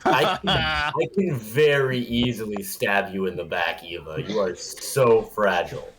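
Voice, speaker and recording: Low-voiced man playing a tabletop game. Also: a crowd in the background. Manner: halting, stammering. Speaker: player. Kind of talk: casual tabletop play.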